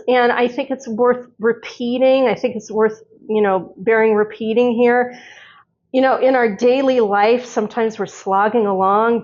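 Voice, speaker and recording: A woman talking earnestly as a spiritual channeler, reading from her notes with halting restarts and bursts of eager emphasis. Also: mid-range voice, darkish tone. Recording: dull lo-fi audio.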